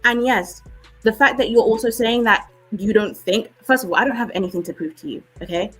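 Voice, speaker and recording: Brief: British woman, slightly high and husky, lecturing a live-stream panel. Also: fairly quick, faint music behind, low-quality recording. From United Kingdom. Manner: forceful, lecturing, keeps asking "okay?". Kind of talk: heated live-stream debate.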